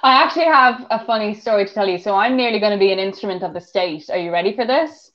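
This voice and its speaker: A woman with an Irish accent co-hosts a podcast, telling stories in casual, giggly chat. Her voice sits at medium pitch and she talks quickly. The sound is dull and lo-fi.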